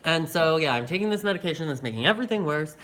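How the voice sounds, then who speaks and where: A man's voice: on the high side, racing. Chatty young man telling a story. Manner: chatty, animated, lots of "like" fillers and laughs. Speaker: vlogger. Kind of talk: casual storytelling livestream.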